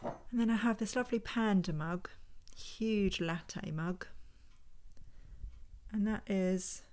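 A woman talks through her vintage finds one by one in a relaxed, chatty vlog. She speaks at an easy pace with a mid-range voice and thinks aloud as she goes. The voice is recorded at home. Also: mid-range voice. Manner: chatty, unhurried, thinking aloud while handling items. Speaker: vintage homeware reseller. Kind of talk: casual show-and-tell vlog.

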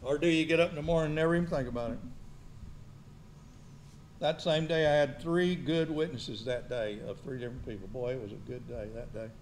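A man's voice: medium pitch, fairly quick, slight background noise. A man preaching a sermon in a church, folksy and joking, firing questions at the congregation.

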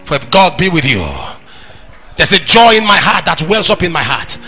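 A man with a Nigerian accent preaching a sermon in church, acting out little scenes and shouting at the high points. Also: lively intonation, normal speed, faint music behind. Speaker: pastor.

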